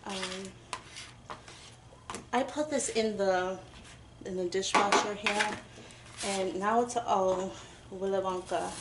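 A woman's voice: mid-range voice, slow pace, pauses often, background noise. A young woman chatting casually while baking in her home kitchen, rambling and giggly. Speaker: vlogger. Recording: echoey kitchen with clatter. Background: chopping and clinking dishes.

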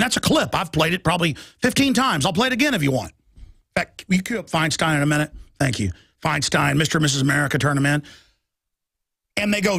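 A male radio talk show host giving an emphatic, mocking political monologue that rises toward shouting. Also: on the high side, vocal fry, breathy edge, no echo, clean studio sound.

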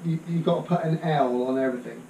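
A man from Bristol, England, chatting casually as a guest, hesitant and trailing off quietly. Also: mid-range voice, fast talker, gravelly. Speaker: guest droid builder. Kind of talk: casual conversation. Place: room in a home. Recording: echoey room, mic at a distance, faint hiss.

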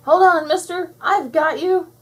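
A woman's voice: on the high side, sing-song, normal speed, breathy edge, voice pushed up, exaggerated voice. A woman voicing a take-charge superhero girl who leads her sisters in a commanding, upbeat way.

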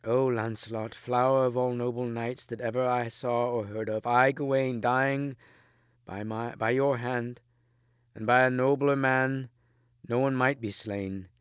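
A man voicing a dying knight, full of remorse and passion, speaking raised and slow. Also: mid-range voice, steady tone, clean tone, no room sound, studio quality, lightly acted. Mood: urgent.

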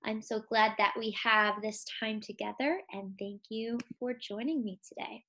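A young woman teaching a recorded music lesson to kindergarteners, speaking slowly and clearly, coaching them and singing simple songs. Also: fairly high pitch, steady tone, sharp tone. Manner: slow, clear and encouraging, speaking to young children; sings simple songs and gives call-and-response prompts.

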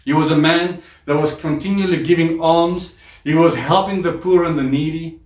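A man preaches in a fairly high voice, urging listeners to say key words back to him and hammering phrases again and again. He sounds set back from the mic in an echoey church hall. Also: moderate pace. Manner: calls on the congregation to repeat words aloud; repeats phrases for emphasis. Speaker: pastor. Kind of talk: sermon. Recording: echoey room, voice from far off.

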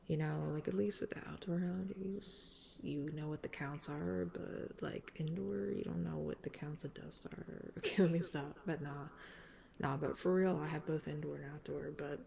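A woman's voice: low-pitched, gravelly, darkish tone, a little hiss or hum. A stuffed-up woman with a smoky voice, coughing now and then, chatting in a rambling, laid-back way before a song. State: stuffed up from allergies. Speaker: singer introducing a cover. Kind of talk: casual chat.

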